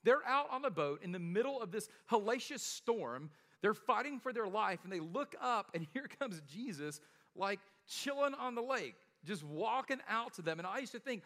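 A man's voice: high-pitched, animated, moderate pace, sharp tone, long reverb tail. A man preaching a sermon in a casual, joking storytelling way, often laughing and checking in with "right?". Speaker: pastor.

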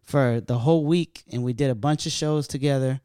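A man's voice: mid-range voice, a little fast, smooth, dry recording, clean studio sound. A man from California, a stand-up comedian, telling loose, profane stories in casual chat. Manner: loose, profane, animated storytelling.

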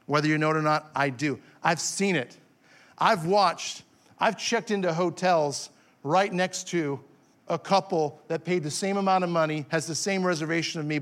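Male preacher, higher-pitched, fervent sermon delivery, self-deprecating asides. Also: normal speed, fairly bright tone. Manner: impassioned, rising to emphatic peaks. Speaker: pastor. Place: church.

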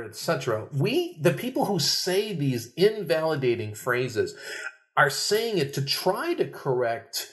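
A man's voice: on the high side, sing-song, measured pace, a bit bright. A middle-aged man, a marriage and family therapist, talking on a podcast in a conversational way and acting out quoted phrases. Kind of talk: podcast talk.

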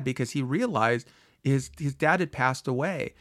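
A man's voice: medium pitch, normal speed, a bit bright, dry recording, studio quality. A man hosting his own podcast, talking earnestly in a rambling, reflective way with many restarts. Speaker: podcast host. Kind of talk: solo podcast monologue.

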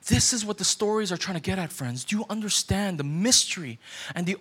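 Man, 30s, pastor, sermon, high voice, conversational, urgent repeated questions. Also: lively intonation, a little fast, fairly bright tone, breathy edge.

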